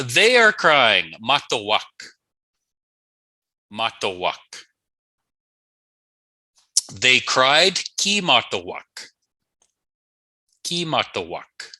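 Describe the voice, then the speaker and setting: A man's voice: mid-range voice, bright, forceful tone, no room sound, poor audio. A man teaching an online language lesson, patiently saying each word twice and adding playful asides.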